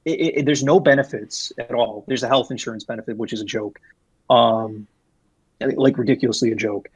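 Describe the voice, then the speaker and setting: Husky rambling young man. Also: mid-range voice, a little fast, no room sound. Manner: rambling, frequent restarts and fillers, animated when retelling. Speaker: guest, former retail employee. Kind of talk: casual storytelling interview.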